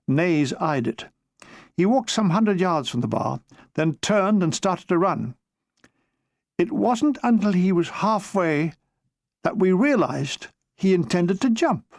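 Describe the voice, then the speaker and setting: A man's voice: high voice, no room sound. A man reading his own memoir aloud as an audiobook, with a dry comic storytelling manner. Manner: dry comic storytelling, briefly mimicking characters. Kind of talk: audiobook narration.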